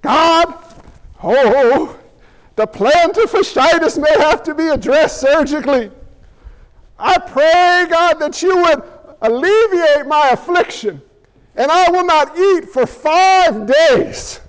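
A fretful churchgoer begs God for a favor and promises to fast in return, in a strained, squeaky, overwrought voice, as a preacher acts him out mid-sermon. The pleading is mock-pious and thin, pitched well above a normal man's voice and pushed toward a whine. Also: expressive, big-room sound, exaggerated voice, low-quality recording. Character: anxious churchgoer bargaining with God in prayer.

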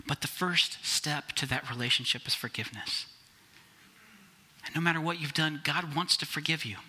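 Male pastor, conversational sermon delivery, fairly high, very bright tone. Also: moderate pace, breathy edge. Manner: conversational, addresses listeners as guys.

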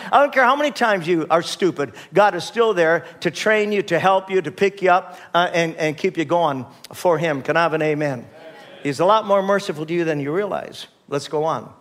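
A man's voice: sits high, expressive, fairly quick, a bit bright. Man preaching a casual, restart-filled sermon. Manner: conversational preaching with many restarts, calls to the congregation. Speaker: pastor.

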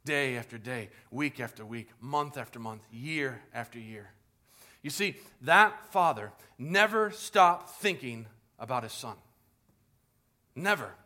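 Bright-voiced male pastor preaching. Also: medium pitch, expressive, takes it slowly. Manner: storytelling with dynamic swings from hushed to loud. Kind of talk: sermon. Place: church sanctuary.

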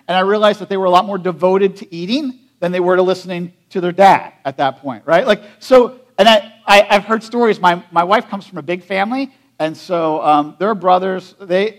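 High-voiced man preaching conversationally. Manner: conversational, many fillers and rhetorical asides. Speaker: pastor. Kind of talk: sermon.

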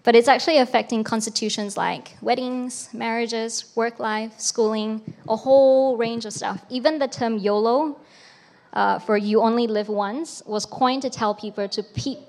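Female speaker, slightly higher voice, informal conversational sermon, tosses in rhetorical questions. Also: fairly even intonation, moderate pace. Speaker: preacher. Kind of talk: sermon talk.

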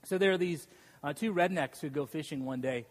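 A man's voice: on the high side, brisk. A man preaching a sermon as a pastor, telling stories with self-deprecating humor and frequent laughs. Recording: long reverb of a large hall.

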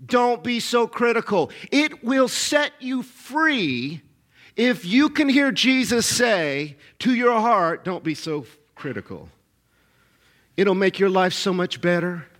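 A man's voice: very high voice, expressive, takes it slowly, a bit bright. A middle-aged man preaching a sermon as pastor, emphatic and repetitive, calling out to his congregation for responses.

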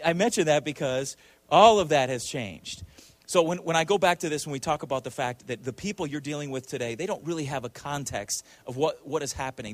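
A man's voice: fairly high pitch, dry recording. A male preacher delivering a sermon emphatically, with frequent rhetorical questions and repeated words.

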